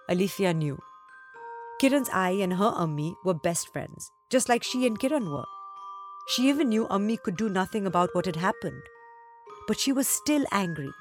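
Lady reading a kids story, really lively voice, faint music. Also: mid-range voice, normal speed. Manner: expressive, varied delivery.

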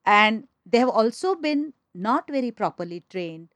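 Animated middle-aged woman storyteller. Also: on the high side, measured pace, no echo. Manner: animated, candid, acts out the people she quotes. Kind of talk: anecdotal storytelling in conversation.

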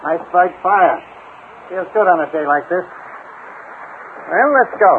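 A man playing a blunt, gruff police inspector in a 1940s radio drama, quick with slang. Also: high voice. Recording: tinny 1940s radio broadcast with faint hiss.

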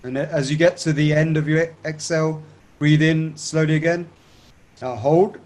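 A man teaching breathing techniques step by step, calmly checking in with his listener and chanting tones to demonstrate. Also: fairly high pitch, normal speed. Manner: calm instructive, checks in with "okay?". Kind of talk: guided breathing instruction.

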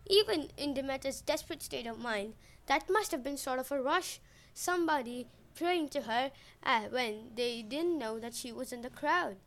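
A woman's voice: high voice, animated, moderate pace. A woman retelling a myth in a casual, chatty way with joking asides. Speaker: podcast storyteller.

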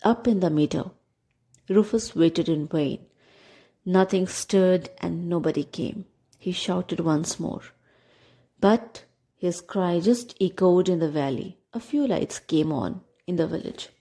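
A woman narrating a children's story with expressive delivery, dropping to a whisper at tense moments. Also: fairly low pitch, slow pace. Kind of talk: storybook reading.

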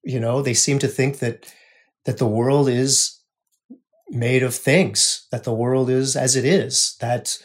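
Earnest man hosting a spiritual podcast. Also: medium pitch. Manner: earnest, repeats phrases, softens to a hush at times. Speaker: podcast host.

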